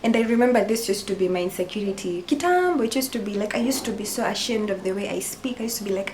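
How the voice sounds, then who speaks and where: A woman's voice: mid-range voice, brisk, few pauses, noisy background. A woman in her twenties with a Kenyan accent, chatting casually to camera in a reaction vlog and switching languages mid-sentence. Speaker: YouTuber.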